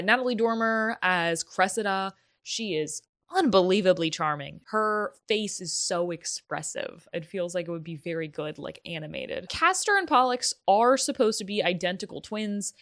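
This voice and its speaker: A woman's voice: mid-range voice, fairly bright tone. A young woman casually talking through a book and film comparison, chatty and candid with frequent fillers and the odd swear. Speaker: book vlogger. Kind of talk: casual vlog commentary.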